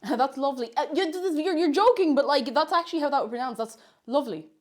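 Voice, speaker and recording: A woman's voice: high voice, expressive, quick pace. A woman chatting casually on a live stream while she cooks, playful and giggly, repeating words for fun.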